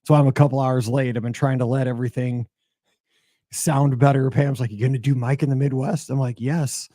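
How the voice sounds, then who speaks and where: A middle-aged man hosting his podcast alone, talking in a rambling, chatty way with many fillers and restarts, his voice hoarse from a cold and asthma. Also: mid-range voice, little pitch movement, fairly quick, mellow, no echo, clean studio sound. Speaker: podcast host. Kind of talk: solo podcast monologue.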